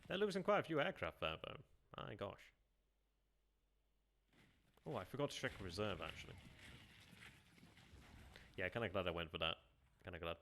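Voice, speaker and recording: A man with a low, animated voice streams a strategy game at normal speed, thinking aloud with long pauses. His tone is a bit bright over a little hiss or hum, and he mutters, questions himself, repeats phrases, and chats with viewers between moves.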